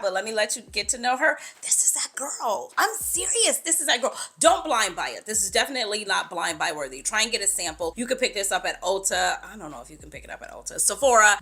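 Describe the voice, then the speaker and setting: A bright-voiced woman in her thirties chats casually to her camera as a vlogger. She talks in an animated, playful way and keeps breaking off into quick asides. Her pitch sits in the middle range. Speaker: fragrance vlogger.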